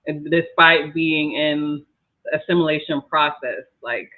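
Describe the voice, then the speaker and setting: Over a tinny line that sounds like a phone, a panelist in a casual group Bible discussion offers his reflections in an unhurried, slightly high voice. His phrases tend to trail off, and he laughs lightly now and then.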